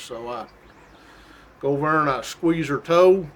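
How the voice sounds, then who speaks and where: A middle-aged state trooper telling a story from his job in a casual, animated way, laughing often. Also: fairly high pitch, moderate pace, long pauses. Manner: animated, laughs often, folksy drawl-like phrasing.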